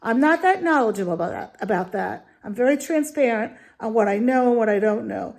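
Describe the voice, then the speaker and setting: A woman's voice: a little high, lively intonation, brisk, creaky, darkish tone. A woman giving an opinionated video review, talking in an indignant, emphatic, ranting way. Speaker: dog food reviewer.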